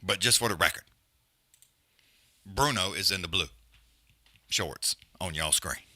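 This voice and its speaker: A man's voice: low voice, unhurried. A man hosting a live fight stream, trash-talking in profane casual banter and calling the action. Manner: loud, profane, animated trash talk. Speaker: livestream host.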